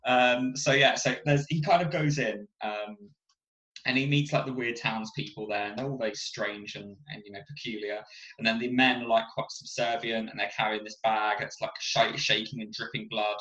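A man's voice: on the low side, fairly even intonation, normal speed, sharp tone, reverberant, muffled recording. A man talking casually about a film, rambling with many fillers and restarts.

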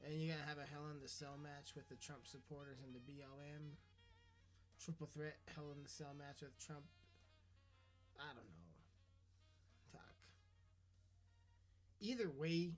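Man, podcast host, profane comedic rant, sarcastic, faint guitar behind. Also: on the high side. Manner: crude, sarcastic, swearing freely.

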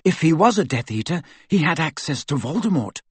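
A man's voice: on the high side, very animated, brisk, husky, dry recording, voice pushed up, heavily acted. A man reading an audiobook, voicing a clever, earnest teenage girl in a raised voice. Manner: earnest, urgent. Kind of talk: audiobook character voice.

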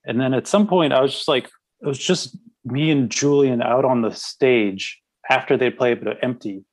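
A man on a podcast casually telling a funny story about his old band, animated and laughing as he goes. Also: mid-range voice, normal speed, low-quality recording. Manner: animated, laughing through anecdotes. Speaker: podcast guest, former band member.

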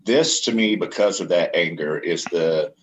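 A man's voice: sits low, unhurried, slight background noise. A man co-hosting a podcast, chatting loosely about music and swearing freely. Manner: laid-back, swears freely. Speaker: podcast co-host. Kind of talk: casual music review chat.

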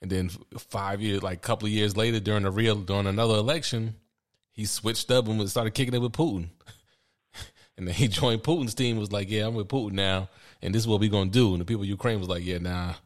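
Laid-back low-voiced man telling a story. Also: steady tone, quick pace. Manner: laid-back, slangy, laughs while telling stories. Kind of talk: casual chat.

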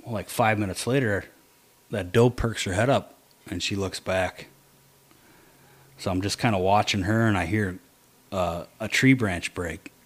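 A man telling a hunting story in casual chat, animated, dropping to low mutters to quote his own thoughts. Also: measured pace, long pauses.

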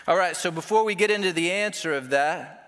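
A man's voice: high voice, fairly quick, fairly bright tone, big-room sound. A man preaching a sermon as pastor, conversational and self-deprecating, with playful asides to the congregation.

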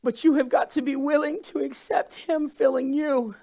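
A woman's voice: sits high, steady tone, normal speed, creaky. A woman preaching a sermon to a congregation in a church room, impassioned and repeating herself for emphasis. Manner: impassioned, building to loud crying pleas.

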